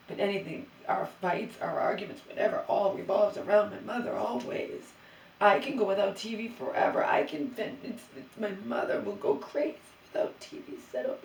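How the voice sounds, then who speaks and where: A woman pours out a rambling, exasperated vent to her camera, stopping and restarting as she goes. Her mid-pitched voice carries a gravelly edge. It bounces around a bare, empty room, and she sits some distance from the mic. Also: a little hiss or hum. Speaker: vlogger. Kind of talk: emotional monologue to camera. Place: empty new bedroom, indoors. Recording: roomy echo, voice away from the mic.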